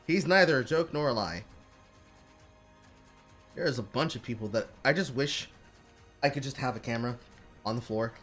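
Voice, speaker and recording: A man streaming, telling stories in casual chat, animated and swearing freely. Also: mid-range voice. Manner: animated storytelling with mimicked voices.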